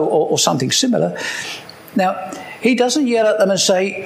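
A man's voice: high voice, expressive, normal speed, vocal fry. A man preaching a sermon in a conversational way, with joking asides and repeated key points.

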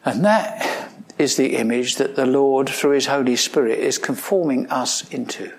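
A pastor with vocal fry in his voice preaches at a measured pace, talking conversationally and asking his congregation questions. He mixes in dry humor and sudden emphatic lines, shifting from rising, forceful statements to low, quiet asides.

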